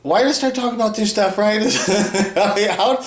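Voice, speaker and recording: A man rambling in a profane monologue for his own video. He often tacks "right?" onto his sentences and laughs between thoughts, swinging from loud outbursts to low mutters. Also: moderate pace. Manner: rambling, profane, keeps adding "right?" and "and shit". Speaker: video maker. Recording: roomy echo.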